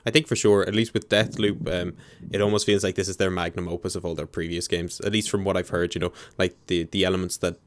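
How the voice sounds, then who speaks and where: A man's voice: deep voice, level tone, quick pace, few pauses, dry recording. A young man hosting a podcast interview, polite and a little hesitant, with frequent fillers. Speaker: podcast host.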